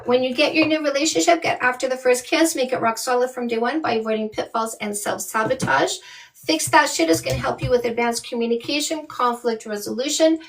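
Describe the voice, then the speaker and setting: Blunt, high-voiced woman on a live stream. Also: a little fast, gravelly, recorded from a distance. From Canada. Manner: blunt and animated, addressing viewers as "my loves". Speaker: dating coach. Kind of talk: casual live-stream chat.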